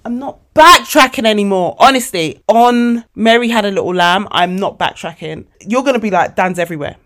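A woman of forty, hosting a casual motivational podcast monologue, animated and emotional, calling her listeners babes. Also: mid-range voice, moderate pace. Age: 40s. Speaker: podcast host.

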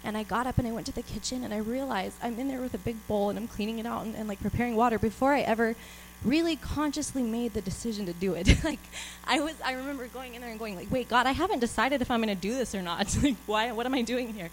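A woman's voice: a little high, fast talker, hardly any pauses, rough recording. Woman preaching kinda breathless, chatty and laughy, lots of restarts, faint hum behind. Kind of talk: informal sermon with scripture reading.

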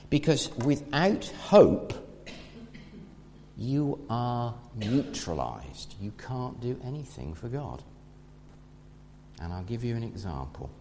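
A man preaching a sermon, telling a Bible story and swinging between loud and hushed delivery. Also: mid-range voice, slight background noise. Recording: long hall reverb.

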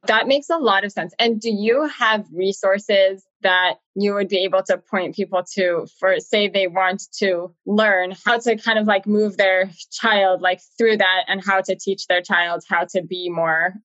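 A woman hosts an interview, affirming and conversational. Her voice is mid-pitched and recorded slightly muffled and lo-fi. The room sounds dry. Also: steady tone, a little slow, hardly any pauses, fairly bright tone, no room sound. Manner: affirming, conversational, lots of backchannels. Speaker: interview host. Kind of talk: interview hosting.

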